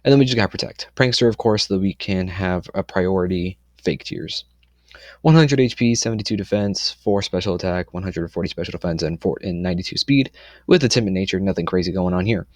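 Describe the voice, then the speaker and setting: A young man casually explaining his competitive team for a video, confident and rambling, with lots of "um"s and quick self-corrections. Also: sits low, no room sound.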